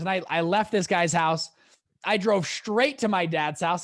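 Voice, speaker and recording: A young man in his twenties, a guest on a podcast, telling his story in a lively way with many restarts. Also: sits high, dry recording, clean studio sound. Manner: animated, quick storyteller with laughs and restarts. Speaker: guest, fund manager. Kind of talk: casual storytelling in an interview.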